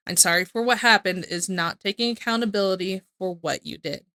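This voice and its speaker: A woman talks through her reactions in a loose, rambling way, often stopping to correct herself. Her voice is bright and forward. The sound is dry, with no room echo. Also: mid-range voice, fairly quick. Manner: rambling, self-correcting, reads messages aloud. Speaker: reaction commentator. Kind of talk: casual reaction commentary.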